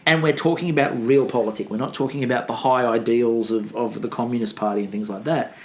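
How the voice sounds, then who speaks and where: A man co-hosting a history podcast, talking casually and acting out quotes in a lively way. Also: fast talker. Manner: animated, acts out quotes with big pitch jumps. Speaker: podcast co-host.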